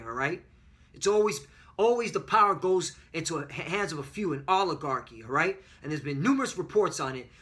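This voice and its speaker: A man teaching scripture in an informal, emphatic, profane way, reading verses slowly and constantly asking the listeners if they follow. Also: fairly high pitch, pushed and bright. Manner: reads scripture slowly and deliberately.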